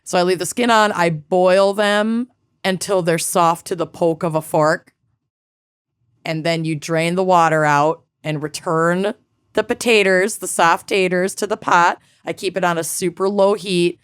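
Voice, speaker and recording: A woman's voice: on the low side, fairly even intonation, measured pace, clear, resonant tone, dry recording, studio quality. A woman co-hosting a podcast in casual chat, talkative and blunt, swearing freely. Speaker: podcast co-host.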